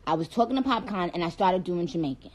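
A woman's voice: lowish voice, animated, fast, slightly rough. A woman hosting a casual phone livestream, reading out viewer comments in a playful, chatty way and dropping in Spanish phrases.

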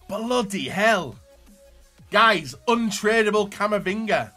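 A young man doing excitable pack-opening commentary, often yelping and shouting while talking straight to his viewers. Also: high voice, measured pace, long pauses, soft background music. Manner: excitable, yelps and shouts at the screen; talks to viewers as "guys". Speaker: YouTuber.

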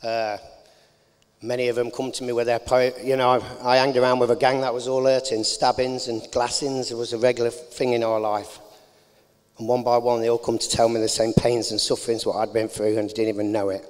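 A man's voice: medium pitch, level tone, fairly quick. A man, giving a blunt, earnest personal testimony in an interview. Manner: blunt working-class storytelling, plain and earnest. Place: large church hall. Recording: long hall reverb.

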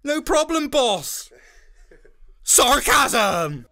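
A man's voice: extremely high pitch, very animated, very slow, pushed and bright, exaggerated voice. A man voicing a crude, boorish male comedian who swears and uses coarse dialect grammar.

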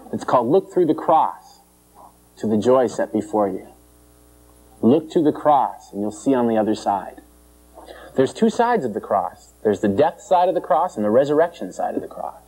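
Animated preacher man with a mellow voice. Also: breathy edge, low-quality recording. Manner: animated, jumps into high mocking voices for complainers; chuckles often between points. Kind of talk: informal sermon with humor.

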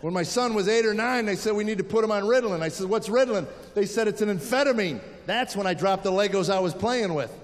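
A man in his fifties performing a stand-up comedy routine, telling animated stories and acting out the people in them. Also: high voice, fast talker, hardly any pauses. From United States. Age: 50s. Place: stage in a large venue. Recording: live show in a big hall, audience and room noise behind. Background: audience laughing and applauding.

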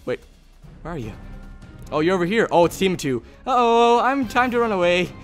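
An excitable young man commenting on his gameplay, his voice sitting a bit high and swinging lively up and down. He chats to the other players and bursts into shouts. Faint music plays behind him. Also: fairly quick. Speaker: gaming channel host.

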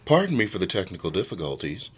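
A man hosting a live stream, ranting brashly and profanely in casual trash talk, with his voice often jumping high when he gets worked up. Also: very animated, fast, slightly rough. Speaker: live-stream sports show host. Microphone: phone.

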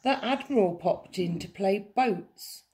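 Slow, expressive woman reading a story. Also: medium pitch, husky. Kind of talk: children's story read-aloud.

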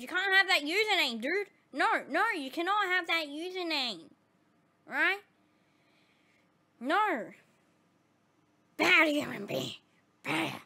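Very high, bright-voiced excitable woman gamer. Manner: excitable, exclaiming and laughing. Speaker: gaming channel host. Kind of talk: casual gameplay commentary.

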